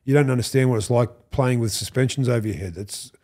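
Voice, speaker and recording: This guest on a podcast is an Australian man in his fifties who used to play rugby league, speaking fast in a mid-range voice. Animated and casual, he tells stories, impersonates the people in them, swears, and breaks into laughter.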